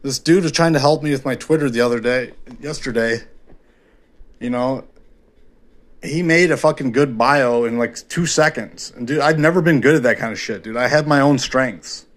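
A man's voice: mid-range voice, normal speed. A man hosting his own podcast, talking alone in a frank, rambling way with constant swearing and fillers, often mocking himself. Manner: self-deprecating and frank. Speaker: podcast host. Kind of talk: confessional solo podcast monologue.

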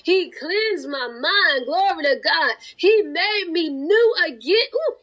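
A woman's voice: extremely high pitch, lively intonation, slow, fairly bright tone, highs cut off. A woman hosting a podcast, giving a fervent, sometimes tearful spoken testimony of faith to her listeners. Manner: fervent, preachy, tearful at times. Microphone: home podcast recording.

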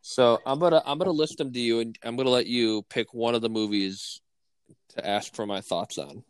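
A relaxed man from the Midwest co-hosts a podcast, rambling through stories with many "like"s. His pitch is ordinary middle, and the recording is dry, with little room sound. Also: brisk, clear, resonant tone, no echo. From American Midwest. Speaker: podcast co-host. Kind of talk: casual chat.

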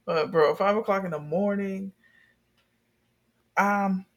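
A young adult in a casual chat, telling a story with lively energy and plenty of swearing. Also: mid-range voice, takes it slowly. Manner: animated storyteller, swears freely.

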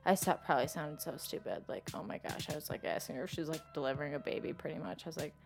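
A young woman with a slightly low voice recounts her own story in loose, casual talk. She pads nearly every phrase with "like" and swings from loud to hushed. Soft music plays faintly behind her. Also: racing, creaky.

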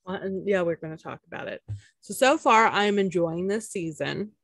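A woman's voice: on the low side, normal speed, fairly bright tone, no echo. A woman co-hosting a podcast, chatting casually about a reality show, laughing often and using lots of fillers. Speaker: podcast co-host.

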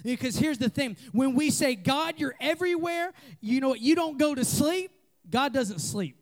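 A man preaches to a youth group, his voice sitting high for a man. He pushes from quiet asides up to near-shouts, calling on the crowd to answer back. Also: lively intonation, moderate pace. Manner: passionate, rising to near-shouts with call-and-response. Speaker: youth pastor. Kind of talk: lively youth sermon. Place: meeting room in a trailer.

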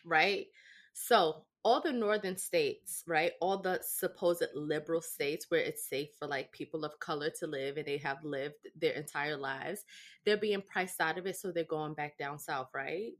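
A young adult woman co-hosting a podcast, telling stories in a lively, profane, casual way and often asking "right?". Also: low voice, unhurried. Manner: animated, profane storytelling with lots of "right?". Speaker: podcast co-host. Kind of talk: casual chat.

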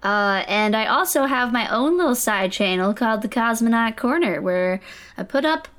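A woman's voice: fairly high pitch, lively intonation, fairly bright tone, clean tone. A woman co-hosting a casual film podcast, trading sarcastic quips. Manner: sarcastic, quick quips, lots of fillers. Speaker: podcast co-host. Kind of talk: casual chat.

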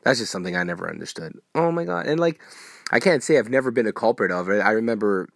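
A man hosting a solo podcast, ranting in a profane, rambling way with sudden loud outbursts. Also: lowish voice, animated, fast, vocal fry, no echo, studio quality. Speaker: podcast host.

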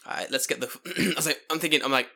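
Animated London man telling stories. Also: a little high, gravelly. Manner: animated, swears freely, acts out voices in his stories. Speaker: podcast co-host. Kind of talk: casual storytelling chat.

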